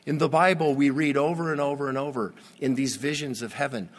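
A man preaching a sermon, slow and emphatic, with dramatic pauses and sudden swells in volume. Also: medium pitch, steady tone. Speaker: pastor.

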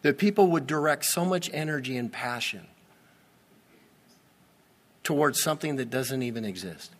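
A man's voice: medium pitch, expressive, normal speed, big-room sound. A man preaching a sermon, reading scripture with emphatic, teasing asides. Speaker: pastor.

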